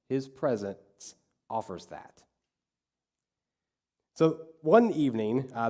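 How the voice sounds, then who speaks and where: A man's voice: medium pitch, mellow. A male pastor preaching a sermon, telling a story and acting out the quoted dialogue.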